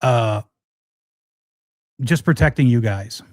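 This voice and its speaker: A man's voice: medium pitch, slow pace, a little mellow, no echo. A middle-aged man hosting a casual guitar livestream, talking frankly and rambling, with lots of restarts. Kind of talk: casual livestream chat answering viewers.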